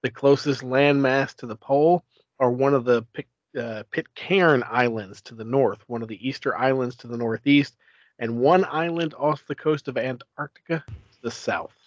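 A man's voice: mid-range voice, normal speed, dry recording. A man co-hosting a podcast, explaining things eagerly with stammering restarts. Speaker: podcast co-host. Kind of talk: casual chat. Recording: dull lo-fi sound.

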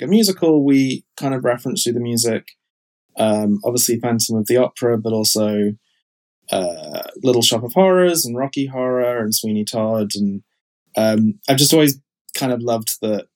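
A man's voice: mid-range voice, normal speed, a little mellow. A man chats as a guest on a podcast, talking about his own show. He sounds enthusiastic and fills his sentences with um and like. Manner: enthusiastic, chatty, many fillers. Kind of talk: casual podcast interview.

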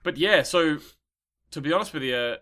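A man's voice: fairly high pitch, expressive, normal speed, bright, forceful tone. A man hosting a podcast in casual chat, explaining eagerly and checking that his co-host follows.

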